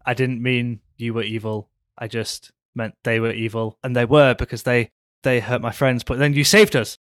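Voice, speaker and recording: A man voicing a humble male tree-person warrior who speaks softly and apologetically. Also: mid-range voice, fairly even intonation, normal speed, dry recording, clean studio sound. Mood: apologetic. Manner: soft-spoken and apologetic.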